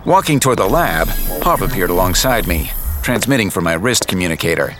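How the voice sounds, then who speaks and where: A man's voice: low-pitched, lively intonation, fairly quick, music in the background. A man narrating a first-person detective audiobook in a wry, hard-boiled tone. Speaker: audiobook narrator and lead character.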